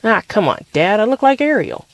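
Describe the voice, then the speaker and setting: A defensive, spirited teenage girl from a read-aloud storybook, as a male reader puts her on. She speaks well above his own voice, with quick protests. Lively and sure of herself. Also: sits high, voice pushed up. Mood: protesting.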